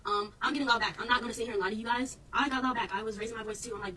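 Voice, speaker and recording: Woman, student, storytime, very fast, defensive, slightly distant mic, faint noise. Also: fairly high pitch, steady tone, sharp tone, roomy sound. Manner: rapid, defensive retelling. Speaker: student telling her story. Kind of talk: storytime recounting events to followers.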